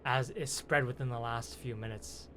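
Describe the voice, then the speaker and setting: A man running a tabletop game as game master, narrating in a halting way with many restarts. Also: mid-range voice, fairly even intonation, a bit bright, slight background noise.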